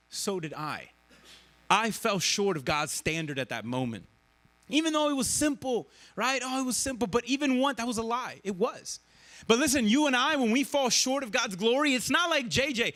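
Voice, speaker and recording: A man's voice: sits high, normal speed. A man preaching a casual, conversational sermon with lots of energy, often checking in with "right?". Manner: energetic and conversational, keeps asking the crowd "right?". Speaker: pastor.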